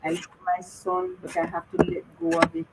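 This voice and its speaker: A woman's voice: very high-pitched, sing-song, normal speed, creaky, heavy background noise. A middle-aged woman speaking on the radio as a bereaved mother, earnestly and repetitively urging listeners. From Jamaica. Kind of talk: emotional radio talk.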